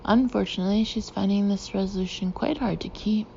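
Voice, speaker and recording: A woman narrating a first-person audiobook expressively, slipping into soft breathy asides. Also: medium pitch, fairly quick, lo-fi sound, slight background noise.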